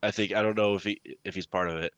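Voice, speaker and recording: Low-voiced man with a bright edge, hesitant tabletop player, dry close sound. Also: fairly even intonation, fast, smooth, no echo, muffled recording. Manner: hesitant, with many restarts. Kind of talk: tabletop game play.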